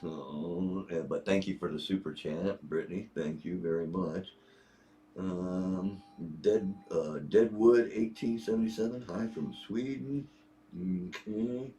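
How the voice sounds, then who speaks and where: A man in his sixties from Ohio with a deep bass voice, chatting casually and rambling through stories on a livestream. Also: darkish tone, slight background noise. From Northeast Ohio. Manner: rambling, easygoing storyteller. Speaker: guest on a livestream reading viewer messages.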